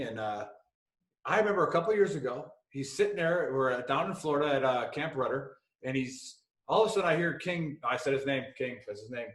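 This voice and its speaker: A man's voice: on the high side, a bit bright. A man hosting a casual podcast, rambling and joking with frequent swearing. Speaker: podcast host. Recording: echoey room.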